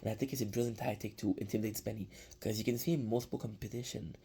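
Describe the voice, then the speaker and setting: A man's voice: lowish voice, steady tone, very fast, vocal fry, noisy background. A young man, rambling through a casual episode recap with lots of restarts. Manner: rambling, many restarts and fillers. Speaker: show reviewer.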